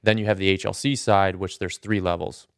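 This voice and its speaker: Male podcast guest, earnest explainer, smooth low voice, dry close sound. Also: fairly even intonation, brisk, no room sound. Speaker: podcast guest, strength coach. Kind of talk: casual podcast interview.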